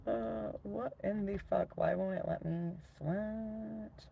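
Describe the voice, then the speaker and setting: A woman's voice: mid-range voice, steady tone, slow pace, gravelly, mellow, a little hiss or hum. A woman casually chatting with viewers on a livestream, rambling loosely and swearing often while reading out comments.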